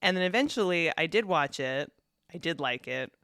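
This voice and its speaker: A woman's voice: sits low, lively intonation, moderate pace, fairly bright tone, dry recording, studio quality. A woman co-hosting a podcast in casual chat, rambling and often laughing. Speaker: podcast co-host.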